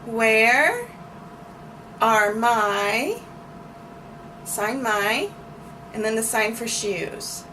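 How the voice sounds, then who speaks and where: A woman's voice: fairly high pitch, expressive, very slow, pauses often, bright, forceful tone, a little hiss or hum. A woman teaching sign language, explaining each sign patiently and repeating phrases as she demonstrates them. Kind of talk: slow instructional explanation. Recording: distant mic with banjo background music. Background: bluegrass banjo music.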